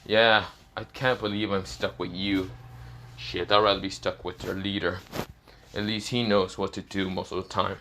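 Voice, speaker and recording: A man's voice: sits low, little pitch movement, normal speed, bright, forceful tone, slight background noise. A man voicing a crude, tired teenage schoolboy who grumbles lazily. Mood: grumbling.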